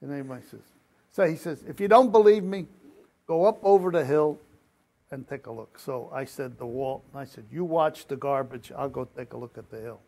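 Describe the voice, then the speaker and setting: A man's voice: mid-range voice, brisk. An older man recounting his experiences in an oral history interview, telling stories with quoted dialogue. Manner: lively anecdotal storytelling with quoted dialogue.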